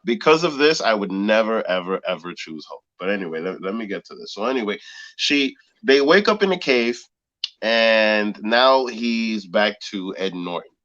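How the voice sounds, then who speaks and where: A man with a fairly low voice tells a story with lots of energy, laughing and acting out sounds. He's chatting casually on a podcast. The recording is dull and muffled. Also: moderate pace. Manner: animated storyteller, laughs often, mimics sounds. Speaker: podcast co-host. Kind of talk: casual chat. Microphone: phone.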